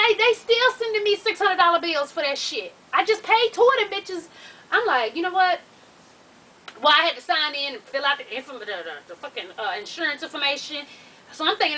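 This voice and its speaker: A young woman telling a story casually on her vlog, profane and animated, laughing as she goes. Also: high voice, far from the mic, slight background noise, poor audio. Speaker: vlogger.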